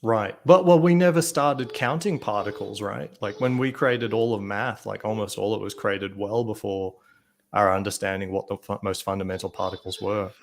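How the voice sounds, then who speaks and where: A man's voice: lowish voice, vocal fry. A man in casual chat, speculating and asking questions. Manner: speculative, questioning, quick asides. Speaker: podcast co-host.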